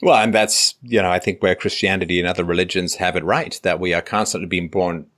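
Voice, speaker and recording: A man with a low-pitched voice hosts a casual conversation. He argues his points at length and builds them up with examples. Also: steady tone, fairly quick, a bit bright. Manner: argumentative, builds points with examples and acted quotes.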